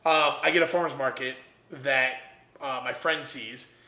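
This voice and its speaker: A young man, a podcast guest, telling an animated story and acting out the voices of the people in it. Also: medium pitch, a little slow, reverberant. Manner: energetic, acts out quoted voices.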